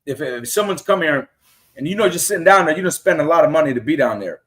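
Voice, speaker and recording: A middle-aged man on a casual podcast, telling fan stories and acting out quotes in an animated way. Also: a little high, fast. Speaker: guest fan.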